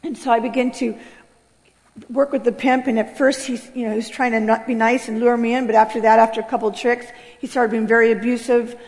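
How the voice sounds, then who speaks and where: A woman's voice: on the high side, little pitch movement, a little fast, darkish tone. A middle-aged American woman telling her life story as a personal testimony, earnest and swelling with emotion. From United States. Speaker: speaker giving a testimony. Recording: voice with long hall reverb.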